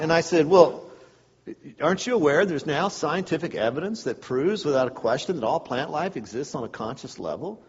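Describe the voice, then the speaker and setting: Man, church speaker, lively storytelling, husky voice, long hall echo, dull sound. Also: fairly high pitch, normal speed. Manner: storytelling, animated, sarcastic asides. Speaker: speaker at a men's church event. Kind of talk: humorous sermon talk.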